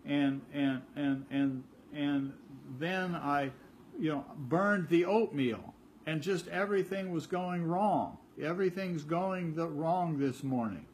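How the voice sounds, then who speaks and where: Older male teacher, slightly high voice, chatty talk with small acted exchanges, faint noise behind. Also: takes it slowly. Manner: conversational, repeats words, acts out little dialogues. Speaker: spiritual teacher. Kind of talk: informal spiritual talk.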